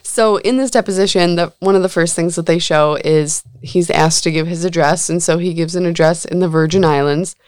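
A woman's voice: on the low side, a little fast, few pauses, a little mellow, clean tone, dry recording. A woman hosting a podcast in casual chat, chatty and blunt, with a sarcastic edge and frequent laughter. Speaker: podcast host.

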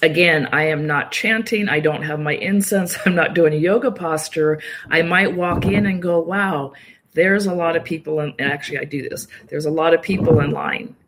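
Calm woman explaining mindfulness practice. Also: low voice, moderate pace, a little hiss or hum. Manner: calm, explanatory, acts out little quoted inner voices. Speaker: yoga nidra practitioner and guest. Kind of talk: casual interview conversation.

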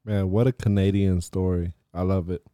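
A man with a low, mellow voice keeps a relaxed conversation going with brief questions and reactions. The sound is dry and close, with no room around it. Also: moderate pace, clean tone, no echo. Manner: short interjections and questions. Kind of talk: casual chat.

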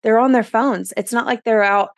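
A woman's voice: a little high, normal speed, no room sound, studio quality. A woman hosting a podcast, speaking earnestly and affirming her guest in casual conversation. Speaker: podcast host.

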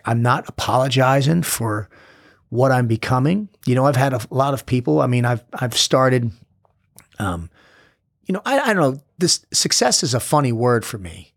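A man's voice: mid-range voice, lively intonation, moderate pace, dry recording. Blunt intense man, dry close sound. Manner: intense, blunt, swears, frequent restarts. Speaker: podcast guest, former Navy SEAL. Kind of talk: candid conversational interview.

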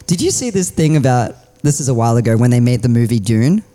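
Male podcast host, casual chat, animated storyteller, lively pitch. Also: fast.

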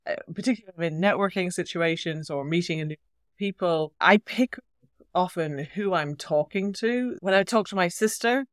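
A woman's voice: lowish voice, normal speed, no echo, studio quality. An Irish woman with an Irish accent interviewing a guest, asking short, encouraging questions. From Ireland. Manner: brief, encouraging questions and replies. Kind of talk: conversational interview.

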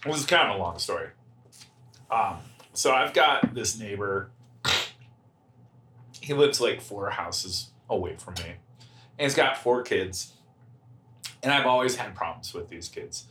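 A man co-hosting a podcast, telling a long anecdote in a halting, casual way. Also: on the low side, animated, bright, forceful tone, echoey room, a little hiss or hum. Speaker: podcast co-host. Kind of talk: casual storytelling chat.

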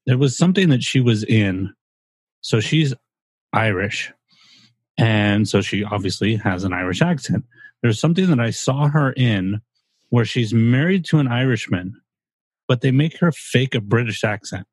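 A man's voice: medium pitch, lively intonation, moderate pace, breathy edge, no echo. A man co-hosting a podcast, talking in an opinionated, rambling casual way with some swearing. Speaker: podcast co-host. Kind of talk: casual chat.

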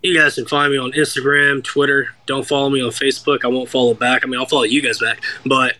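Give me a bright-voiced young American man telling a story. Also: mid-range voice, fast talker. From United States. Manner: animated, profane, acts out quoted voices. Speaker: guest fighter. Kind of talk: casual interview storytelling.

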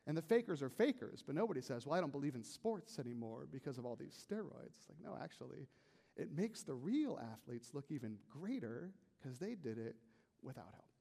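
A man preaching a sermon as a pastor, in a conversational, animated way with frequent "right?" asides. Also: a little high, normal speed, creaky, in a large hall.

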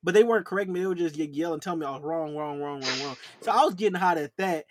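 A young podcast co-host tells stories in a casual chat, very fast, animated and slangy, acting out the yelled words of people who shouted at him. His voice sits a little high. The recording is close and dry, with no echo.

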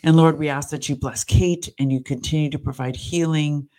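A woman's voice: low voice, steady tone, moderate pace, warm tone. A woman co-hosting a faith podcast, laughing and teasing in casual chat and leading an earnest spoken prayer. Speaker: podcast co-host.

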